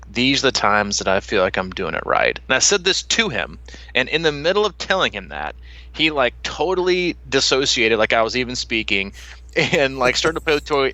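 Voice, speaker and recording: A man's voice: mid-range voice, bright, forceful tone, dry recording. A man in his thirties hosting a podcast, chatting casually with lots of fillers and laughter. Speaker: podcast host. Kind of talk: casual chat.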